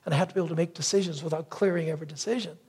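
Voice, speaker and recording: A man preaching a sermon, telling a story with lively asides and acting out brief voices. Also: on the high side, very fast, slightly rough. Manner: storytelling, acts out wife's lines and crow caws. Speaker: pastor.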